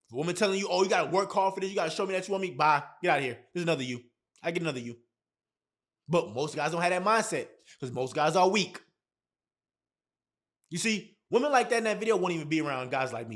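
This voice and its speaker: A man's voice: on the high side, fairly bright tone. A man giving blunt, emphatic dating advice straight to camera, repeating his points. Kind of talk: casual talk to camera.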